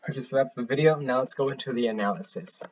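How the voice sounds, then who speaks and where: A man's voice: mid-range voice, slight background noise. A young man works through a class presentation, stopping and restarting as he loses his thread. His voice sits mid-range and the recording sounds dull and lo-fi. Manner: halting, rambling explanation. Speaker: student presenter.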